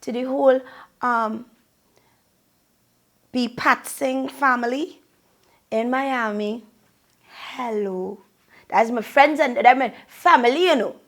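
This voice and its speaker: A young Trinidadian woman giving effusive, sing-song shout-outs to her viewers in a casual vlog. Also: on the high side, slow, pauses often. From Trinidad and Tobago. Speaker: vlogger.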